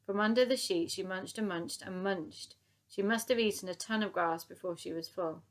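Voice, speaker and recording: A woman narrates an audiobook of a children's novel with lively expression. Her voice is medium in pitch, at normal speed.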